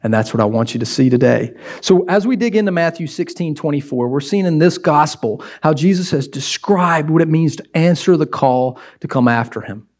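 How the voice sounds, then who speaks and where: A middle-aged man delivers a sermon as a pastor. He preaches with animation and slips into acted-out scenes. His voice sits somewhat high for a man. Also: lively intonation, moderate pace, few pauses, darkish tone.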